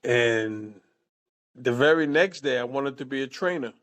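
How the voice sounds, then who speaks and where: A man in his sixties, an interview guest telling casual stories in a salty, animated way, often adding "man". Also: medium pitch, a little slow. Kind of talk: casual storytelling.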